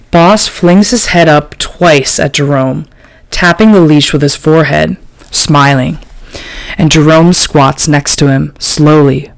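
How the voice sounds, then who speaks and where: A woman narrating an audiobook in a slow, measured, literary reading. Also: low voice, vocal fry, no room sound, poor audio. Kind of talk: scripted narration.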